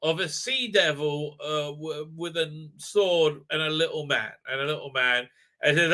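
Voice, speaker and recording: Rambling sarcastic male host, high voice, very bright and sharp, filler-heavy. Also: a little fast. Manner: sarcastic, rambling, many fillers and tag questions. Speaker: host, reviewer. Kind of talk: rambling livestream review.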